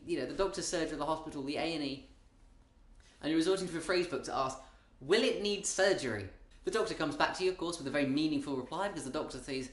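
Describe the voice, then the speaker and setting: A man's voice: fairly high pitch, reverberant. A British man delivering a comic monologue in a wry, rambling way, often breaking off and restarting his sentences. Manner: wry, rambling, self-interrupting. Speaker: comedian.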